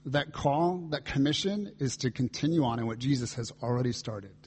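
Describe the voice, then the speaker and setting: A man's voice: medium pitch, normal speed, a little mellow, a little hiss or hum. A man pastor preaching a reflective, earnest sermon, reading and voicing scripture dialogue as he explains it.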